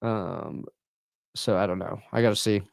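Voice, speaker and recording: A man's voice: fairly low pitch, moderate pace, vocal fry, no room sound. Chatty man with a dry, close sound. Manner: chatty, lots of "like" and restarts. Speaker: podcast co-host. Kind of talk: casual sports chat.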